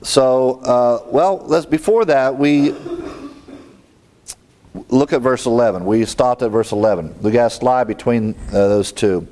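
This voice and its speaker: A man's voice: mid-range voice, measured pace, darkish tone. A man preaching an expository sermon with an earnest teaching tone, quoting scripture and asking rhetorical questions.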